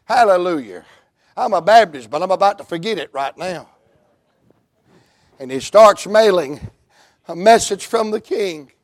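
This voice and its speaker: A preacher with a high voice works through a slow, drawn-out revival sermon. He tells the story at length and then climbs into shouts and half-sung phrases. The sound is close and dry. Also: no room sound. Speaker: Baptist preacher.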